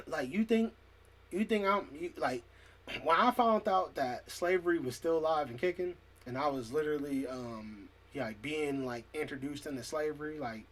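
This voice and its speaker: A man vlogging an angry, profane monologue, clearing his throat often and reading definitions aloud to argue with them. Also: a little high, normal speed.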